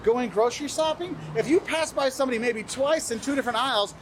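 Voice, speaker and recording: High-voiced man giving friendly advice. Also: fast, background noise. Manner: friendly, instructive, acts out locals' lines. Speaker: travel video host. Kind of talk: advice video, spoken to camera.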